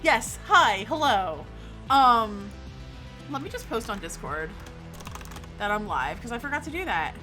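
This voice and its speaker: A bubbly young woman streamer chatting from home, her voice bright and swooping up and down in pitch. She pokes fun at herself and chatters freely, sitting on the higher side for a woman. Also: big pitch swings, a little slow, long pauses, faint music behind. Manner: bubbly, chatty, self-mocking. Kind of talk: casual live-stream chat.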